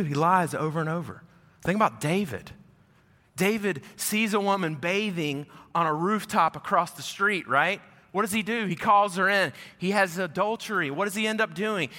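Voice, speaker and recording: A man preaching a sermon to a congregation, telling stories in an animated way and swinging between loud and soft. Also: high voice. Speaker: pastor. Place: church hall with congregation. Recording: echoey hall.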